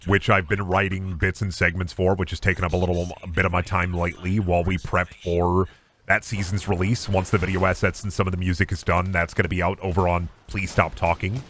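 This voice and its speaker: A man's voice: low voice, fairly bright tone, a little hiss or hum. A man streaming a game, chatting casually in a rambling, silly, self-deprecating way. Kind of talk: casual chat while gaming.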